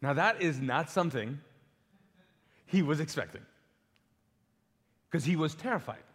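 A man's voice: on the high side, expressive, a little slow, slightly rough. A male pastor preaching a casual, humorous sermon to a live congregation, acting out scripture dialogue and often repeating words as he goes. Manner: frequent word repeats and restarts. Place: church auditorium before a live congregation. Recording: long reverb of a church hall.

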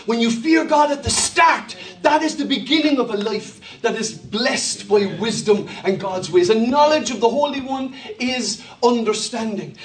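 Man, Irish accent, pastor, sermon, high voice, animated and jokey, distant mic, echoey hall. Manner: animated, jokey, laughing through his stories. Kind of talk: sermon with humorous storytelling. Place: large church hall.

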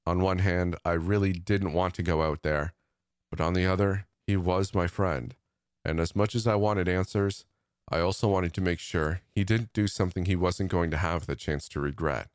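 Man, story narrator, deep low voice, dry close sound, steady measured reading. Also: clear, resonant tone, no echo. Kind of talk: first-person horror story narration.

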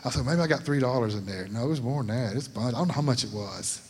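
A man's voice: medium pitch, fast, husky. A middle-aged man, giving a sermon testimony as folksy stories that keep checking in with his listeners. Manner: folksy storytelling, often asks "you know what I'm talking about". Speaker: lay speaker at a church service. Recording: reverberant church hall.

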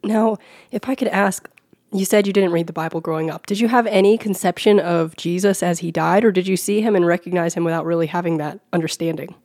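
A podcast host, a woman, asking curious, measured follow-up questions. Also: on the low side, a little mellow.

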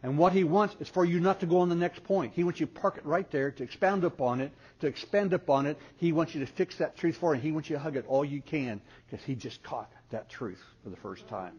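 Animated male preacher, dull lo-fi sound. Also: on the high side, brisk, hardly any pauses, breathy edge. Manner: animated storyteller who acts out voices. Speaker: speaker at a parenting conference. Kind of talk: humorous preaching with storytelling. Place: conference hall before an audience. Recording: dull lo-fi recording with faint noise.

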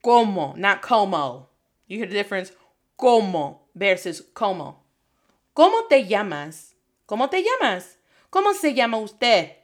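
A woman teaching a Spanish lesson, drilling phrases with lively repetition and switching languages. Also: medium pitch, normal speed. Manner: animated, switches between English and Spanish, repeats phrases for drill. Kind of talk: energetic video lesson. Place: Detroit.

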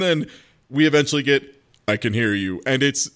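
Animated man retelling scenes. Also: mid-range voice, clean tone. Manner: animated retelling, acting out characters' lines in quick voices. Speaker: podcast co-host recapping an anime. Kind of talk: casual chat.

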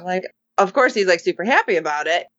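A woman chatting through a recap in a lively, swooping voice that sits on the lower side. She slips into quick put-on voices for the characters. The sound is dry and a little dull, like a lo-fi home mic. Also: no room sound. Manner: animated, acts out characters' lines with voices. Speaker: podcast co-host. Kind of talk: casual recap chat.

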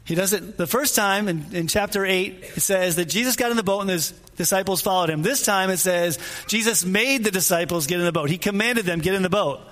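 High-voiced man preaching casually. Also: fairly quick, few pauses, a bit bright. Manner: informal, asks listeners questions directly; repeats phrases for emphasis. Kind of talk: conversational sermon.

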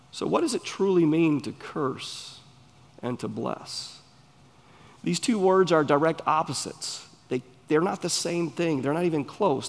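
A man with a Southern US accent, preaching a sermon in an earnest, emphatic way with pauses between phrases. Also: a little high, vocal fry. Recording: long hall reverb.

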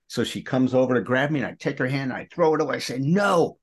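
A man's voice: mid-range voice, very fast, slightly rough. A middle-aged man co-hosting a recovery podcast, telling a painful personal story in an earnest, emotional way.

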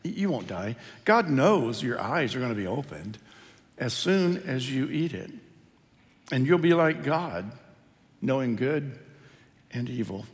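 A pastor voicing a shrewd male serpent, low and persuasive as he reads aloud. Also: very animated, measured pace, long pauses. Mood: coaxing. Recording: reverberant church hall.

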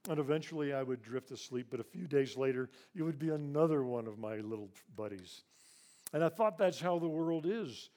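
A man in his sixties who grew up in Ivory Coast tells a personal story to a church audience. He speaks earnestly and drops to a hushed, emotional tone when recounting loss. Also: mid-range voice.

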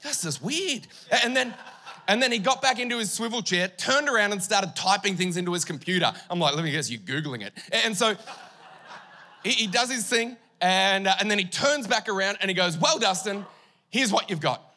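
Australian man, pastor, young adult, funny storytelling sermon, high voice, bright tone. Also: expressive, a little fast. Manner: storytelling with comic asides to the congregation. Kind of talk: humorous sermon.

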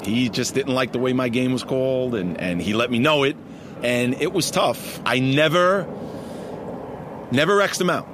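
Faint traffic carries behind this park interview, where a basketball ref with a Long Island, New York accent spins stories. Mid-range and normal in speed, his voice is lively, punctuated by frequent laughs and plenty of "man."

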